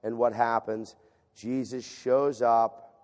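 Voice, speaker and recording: A man preaching a sermon and reading scripture aloud, shifting from loud emphatic passages to hushed reading. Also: mid-range voice, little pitch movement, takes it slowly. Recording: long reverb of a large hall.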